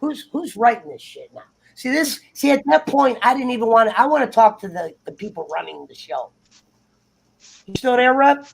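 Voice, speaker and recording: A man in casual, heated chat, swearing freely and acting out characters in quick asides. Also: very high voice, creaky, slightly rough. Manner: profane, animated, acts out characters in quick asides. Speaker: guest on a TV review talk show.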